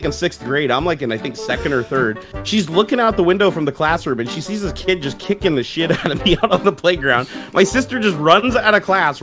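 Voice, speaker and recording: A man tells a rowdy childhood story on a live stream, swearing freely and breaking into laughter. His voice sits a bit high. Music plays clearly in the background. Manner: profane, laughing, animated storyteller. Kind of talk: casual storytelling chat.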